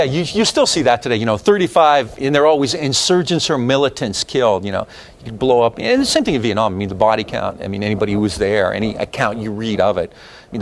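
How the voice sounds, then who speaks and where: A man teaches a history class, talking loosely and digressing with plenty of fillers. His pitch moves a lot as he lectures. Faint room noise sits behind him. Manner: animated, digressive, many fillers and asides.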